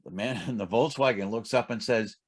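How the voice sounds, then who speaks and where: A man telling a joke at a speaking club, narrating with lively delivery and small restarts. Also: lowish voice, a little fast, slightly rough. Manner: animated storytelling with small restarts.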